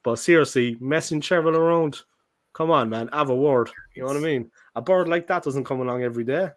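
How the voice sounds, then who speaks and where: Irish guy rambling about football, jokey casual chat, middle pitch. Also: brisk. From Ireland. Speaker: guest.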